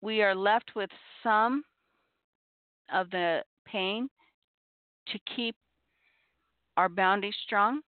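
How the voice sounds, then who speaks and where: A middle-aged woman hosting a talk show on abuse recovery, giving earnest, measured advice and repeating her key points. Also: mid-range voice, dry recording. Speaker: podcast host on abuse recovery. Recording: tinny phone-like audio.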